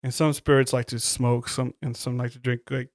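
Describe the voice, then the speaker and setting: A man's voice: mid-range voice, level tone, dry recording, clean studio sound. A man co-hosting a podcast, recapping a film in loose, profane casual chat. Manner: loose, profane movie recap with quick quoted voices. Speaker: podcast co-host.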